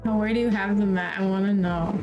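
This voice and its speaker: A woman's voice: mid-range voice, fairly even intonation, a little fast, lo-fi sound, over music. A woman hosting a casual stream interview, playful and teasing, bossing her guest around in a flirty way. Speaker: host.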